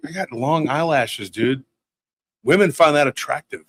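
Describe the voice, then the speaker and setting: A man's voice: fairly high pitch, unhurried, fairly bright tone. A man hosting a casual podcast chat, rambling and joking, often trailing off mid-thought. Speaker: podcast host.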